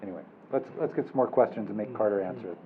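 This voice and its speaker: A man's voice: lowish voice, fast, phone-quality sound, slight background noise. A man moderating a panel, a professor telling wry, rambling stories. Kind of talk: panel discussion.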